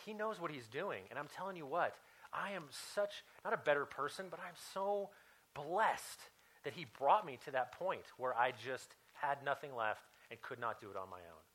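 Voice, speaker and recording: A pastor in his thirties shares a personal story as his sermon, talking casually with frequent fillers and restarts. His voice is a little high and a bit bright, heard on a low-quality recording.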